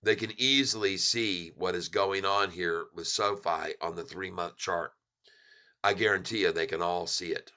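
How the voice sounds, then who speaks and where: With a voice that sits low, a middle-aged man gives excited, down-home commentary on a stock chart. He calls his viewers folks and repeats things for emphasis.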